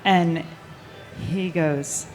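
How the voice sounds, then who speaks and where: Lady telling a creepy story live, lower voice, lively and laughing, faint music behind. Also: drawn-out words. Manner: animated, swearing, laughing. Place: live event stage.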